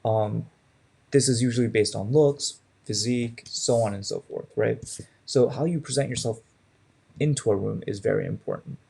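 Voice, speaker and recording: A man's voice: mid-range voice, normal speed, creaky, mellow, husky. A young man in his twenties teaching a public speaking class in a conversational way, often checking in with "right?". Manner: conversational, frequent "right?" tags.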